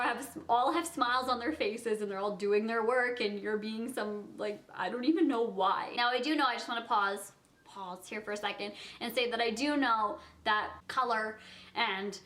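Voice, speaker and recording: A young woman sits in front of her camera and tells a story. She speaks with a slightly high pitch and keeps filling her sentences with "like". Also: fairly bright tone. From Canada. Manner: chatty, fills speech with "like". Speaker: vlogger. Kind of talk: casual storytime vlog.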